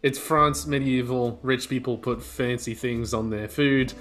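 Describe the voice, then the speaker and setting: A man's voice: medium pitch, steady tone, measured pace, a bit bright. A man co-hosting a casual podcast over a video call, ranting through a joking history lesson full of swearing. His voice sits in a middle register, and faint music plays underneath. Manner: profane, rambling joking history rant. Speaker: podcast co-host. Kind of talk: casual chat, comic storytelling.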